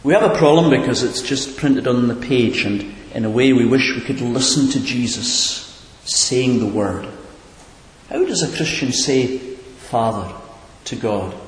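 A man's voice: medium pitch, lively intonation, a little slow. A man preaching in an earnest, questioning way, often repeating a word as he searches for the next. His voice carries through a large hall with a long, reverberant tail. The recording is roomy and distant. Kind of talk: sermon. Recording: echoey hall, far from the mic.

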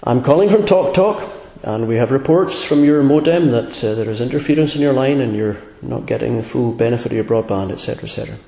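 An overly courteous phone scam caller, as a preacher puts him on, running through a smooth, scripted pitch. His voice sits a little high and rings out in a roomy, echoey space. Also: fast, hardly any pauses, mellow, muffled recording, natural voice. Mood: polite patter. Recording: echoey room.

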